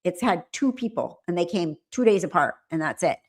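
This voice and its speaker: A woman's voice: lowish voice, animated, a little fast. A middle-aged woman from California, chatting casually and rambling as host of a live stream, with frequent laughs. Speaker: livestream host.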